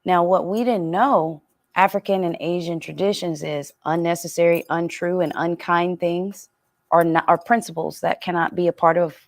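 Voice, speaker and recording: A woman leading a live community discussion, animated and acting out what her parents used to say. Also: fairly low pitch, normal speed, dry recording. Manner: animated, acts out quoted parents. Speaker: community session leader.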